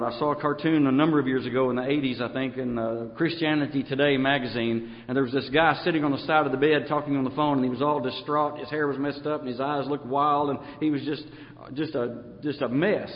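A man's voice: mid-range voice, fairly even intonation, brisk. A male preacher delivering a conversational sermon, sometimes acting out the voices in his stories. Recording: dull audio with long hall reverb.

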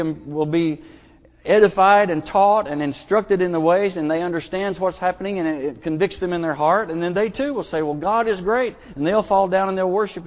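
Folksy preacher in a reverberant church. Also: male voice, high-pitched. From Arkansas. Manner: earnest, folksy, with repeated restarts. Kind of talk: sermon. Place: church sanctuary. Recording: dull lo-fi sound, long church reverb.

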